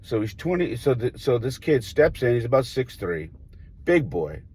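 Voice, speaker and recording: A man, a baseball coach, telling a story in a casual podcast chat, animated and acting out the people in it. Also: medium pitch, moderate pace, husky. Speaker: high school baseball coach.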